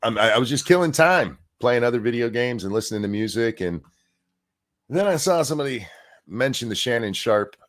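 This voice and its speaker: A man's voice: medium pitch, expressive, fairly quick, fairly bright tone. A man hosting a casual livestream, rambling and sarcastic, swearing freely and restarting his sentences often. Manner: rambling and profane, with frequent restarts. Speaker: livestream host.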